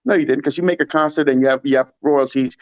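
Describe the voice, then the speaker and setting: A man's voice: a little high, steady tone, quick pace, dry recording. Man, opinionated casual talk, emphatic, muffled lo-fi sound. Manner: emphatic, rhetorical, mimics others in raised voice. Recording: dull muffled audio.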